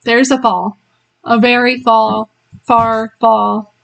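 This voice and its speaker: Woman going over a book plot real slow, lots of ums, bit higher voice. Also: flat delivery, vocal fry, low-quality recording. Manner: rambling retelling with many ums and giggles. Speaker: book reviewer. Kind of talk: casual spoiler book review.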